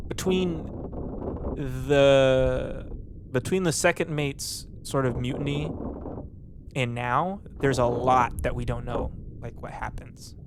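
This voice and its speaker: A young man talks through a game as he plays, rambling and thinking out loud, stumbling over restarts and fillers. His voice sits in a middle pitch, and clear noise hums under the recording. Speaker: gameplay commentator. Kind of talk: casual let's play commentary.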